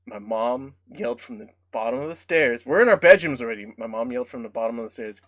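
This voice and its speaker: A man's voice: medium pitch, fast talker, hardly any pauses, no room sound. A man co-hosting a casual podcast, telling ghost stories with lots of laughter. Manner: animated storytelling, laughs often. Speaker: podcast co-host.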